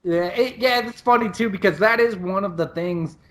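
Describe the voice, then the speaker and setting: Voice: mid-range voice, moderate pace. Muay Thai coach co-hosting a podcast. Casual, explanatory, stops and restarts often. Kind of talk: casual chat.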